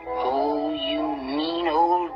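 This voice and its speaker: A woman's voice: deep voice, extremely slow, muffled recording, over loud music. A woman voicing a lovelorn, melodramatic cartoonish figure in a played clip.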